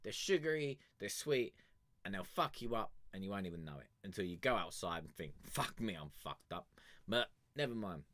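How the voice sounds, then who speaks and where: A man's voice: sits low, expressive, normal speed, a bit bright. A young man, rambling and swearing his way through casual stream chat. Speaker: streamer reviewing music.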